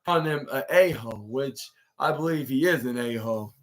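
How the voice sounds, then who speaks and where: A man's voice: mid-range voice, brisk. A man hosting a podcast, recapping a show in a rambling, casual way with lots of fillers and restarts. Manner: rambling, heavy use of "like" and restarts. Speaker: wrestling podcast host.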